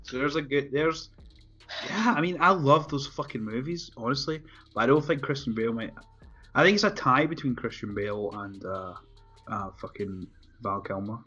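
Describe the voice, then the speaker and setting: A man's voice: mid-range voice, moderate pace, pushed and bright, slightly rough. A man in casual chat, laid-back and loose, swearing freely with lots of fillers. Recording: dull lo-fi with faint music.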